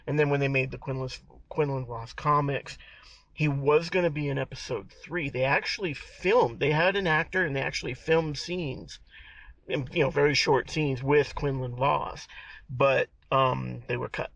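A man's voice: mid-range voice, fairly even intonation, normal speed, vocal fry, fairly bright tone, no echo, rough recording. A man co-hosting a podcast, chatting casually and rambling through detailed fan explanations. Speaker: podcast co-host.

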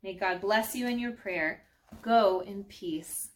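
A woman reading a children's storybook aloud, voicing a male priest who speaks in a measured, gentle way. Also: mid-range voice, close to an everyday voice. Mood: calm. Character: calm older male priest.

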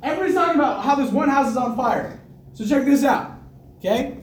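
High-voiced, hyped man speaking in an echoey room. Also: fast talker, a little hiss or hum. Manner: hyped, energetic, repetitive, laughs often. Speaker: team leader giving a motivational talk. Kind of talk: motivational speech to a group. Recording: echoey room, mic from a distance.

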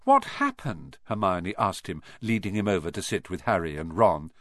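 A man reading a children's fantasy novel aloud as narrator in an expressive, lively way. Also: low voice, normal speed, dry recording, clean studio sound. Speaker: audiobook narrator. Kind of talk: scripted narration.

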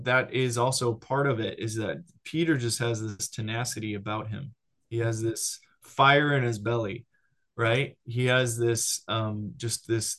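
A man who has a child, teaching casually about discipleship in an animated way, often restarting and checking in with "right?". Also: mid-range voice. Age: adult with a child.

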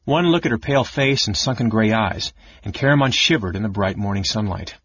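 A man narrating an audiobook in a steady, measured storytelling manner. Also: on the low side, slightly rough, muffled recording. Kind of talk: audiobook reading.

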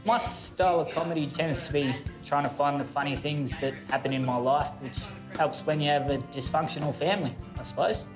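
High-voiced Australian man doing stand-up. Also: a little fast, music in the background. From Western Australia. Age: 30s. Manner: laid-back, self-mocking storytelling. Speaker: stand-up comedian. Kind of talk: stand-up comedy set. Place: large comedy festival theatre. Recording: reverberant theatre with loud crowd.

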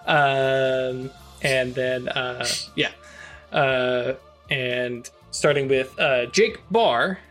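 A man running a tabletop game over a voice call, talking slowly with lots of fillers and restarts. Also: medium pitch, fairly bright tone, faint music behind. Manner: slow, halting, many fillers and restarts. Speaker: game master.

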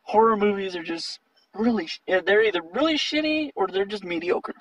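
High-voiced man chatting far from the mic. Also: lively intonation, a little fast, a bit bright, no room sound. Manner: profane, talks over the other man. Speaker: podcast host. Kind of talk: casual chat. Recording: distant from the mic.

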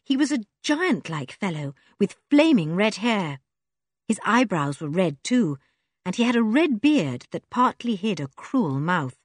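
A woman narrating a children's adventure audiobook with expressive storytelling. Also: mid-range voice, a little slow, dry recording, clean studio sound.

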